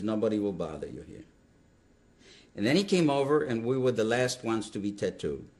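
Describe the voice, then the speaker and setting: Older man, low voice, very lively intonation, emphatic survivor testimony. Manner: emphatic, animated storytelling with sudden stresses. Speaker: Holocaust survivor giving testimony. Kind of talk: recounting personal memories to an interviewer.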